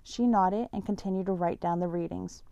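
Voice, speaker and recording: A woman narrating a first-person story in a steady, earnest tone. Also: fairly low pitch, moderate pace, creaky, no room sound, highs cut off.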